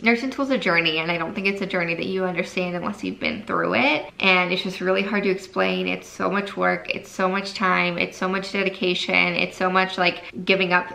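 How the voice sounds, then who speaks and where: A woman's voice: fairly low pitch, fairly even intonation, brisk, creaky, hardly any pauses, sharp tone, rough recording. A woman in her twenties, a nursing student vlogging to camera in a chatty, casual way, full of "like" fillers, at times holding back tears. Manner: chatty, lots of fillers like "like" and "freaking". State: tearful, holding back crying.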